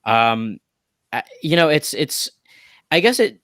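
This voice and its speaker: A man's voice: on the high side, big pitch swings, takes it slowly, a bit bright, dry recording, studio quality. A man co-hosting a podcast, talking casually about anime with plenty of fillers and restarts. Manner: rambling, hedging with many fillers. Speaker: podcast co-host.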